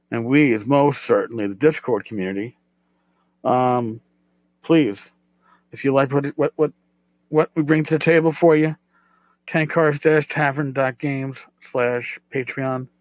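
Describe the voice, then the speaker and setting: A man's voice: medium pitch, unhurried, long pauses, dry recording, highs cut off. A middle-aged man hosting a casual solo podcast, rambling and self-deprecating, repeating his words as he goes. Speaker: podcast host.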